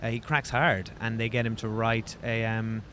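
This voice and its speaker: A man's voice: fairly low pitch, level tone, moderate pace, pushed and bright, a little hiss or hum. A man co-hosting a podcast in casual chat, talking in a chatty, emphatic way with frequent laughs. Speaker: podcast co-host.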